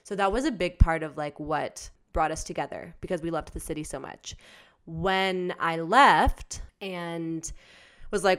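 With a lowish, clear, resonant voice and an unhurried pace, this podcast co-host in her twenties tells stories animatedly in a casual chat. Along the way she teases her friend.

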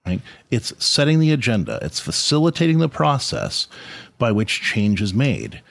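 Earnest man talking parenting, lively pitch. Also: normal speed, gravelly, dry recording. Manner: earnest, conversational, many restarts and asides. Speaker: podcast host and parenting speaker. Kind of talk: reflective talk on faith and parenting.

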